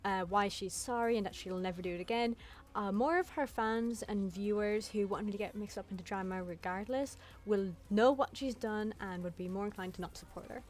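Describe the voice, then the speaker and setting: Young woman, casual commentary, blunt, chatty, mid-range pitch. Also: brisk. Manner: candid, chatty, blunt, swears freely. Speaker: YouTube commentator.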